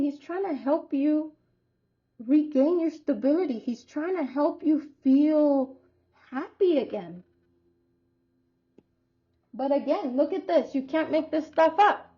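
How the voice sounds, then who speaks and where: A high-pitched woman talks her viewers through a tarot reading at an unhurried pace. She rambles in a chatty way and acts out her stories with feeling. The sound is a little dull and lo-fi. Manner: chatty, rambling, expressive storytelling. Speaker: tarot reader.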